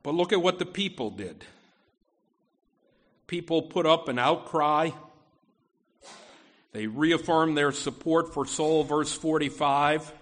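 A man's voice: fairly high pitch, slow, pauses often. A middle-aged man preaching a sermon, talking through scripture off the cuff with frequent restarts. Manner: unscripted delivery with fillers and restarts, quoting scripture.

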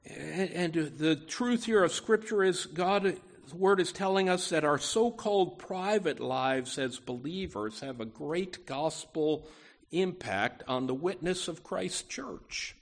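Man preaching a sermon, earnest, deliberate, slightly high voice, slow pace, frequent restarts. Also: lively intonation, vocal fry. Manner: slow, deliberate delivery with emphatic rises. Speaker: pastor.

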